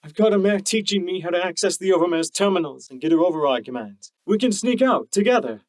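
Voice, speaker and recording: A man's voice: sits high, animated, fast talker, no room sound, pitched above the performer's own voice. A man voicing a desperate, grieving young male pony in an audiobook, pleading and tearful.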